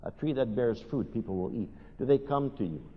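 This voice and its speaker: An older man preaching a sermon, telling funny stories in an animated way and putting questions to his listeners. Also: medium pitch, fairly quick. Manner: animated storytelling, asks the audience questions. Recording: dull recording in a long-reverb hall.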